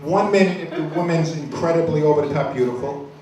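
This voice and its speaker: A man doing a stand-up comedy set, telling crude stories in a rambling, deadpan way with many restarts. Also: fairly high pitch, fast, crowd noise. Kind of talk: stand-up set at an open mic. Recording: echoey room, far from the mic, noisy.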